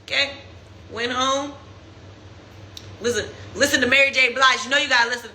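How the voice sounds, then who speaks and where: Bright, animated woman telling a story. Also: normal speed, slight background noise. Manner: animated, acts out quotes in a mocking high voice. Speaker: Instagram live host. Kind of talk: casual storytelling. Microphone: phone.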